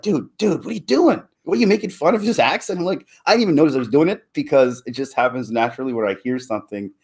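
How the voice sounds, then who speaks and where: A man talking casually on a live stream, rambling and halting, with many fillers and restarts, laughing now and then between thoughts. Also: medium pitch. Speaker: YouTuber and impressionist.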